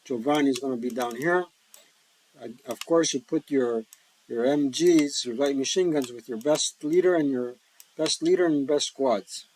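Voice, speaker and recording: In a mid-range, slightly mellow voice at normal speed, a man plays and hosts a solo board wargame, joking and rambling with folksy asides in casual commentary. The rough recording carries a little hiss or hum.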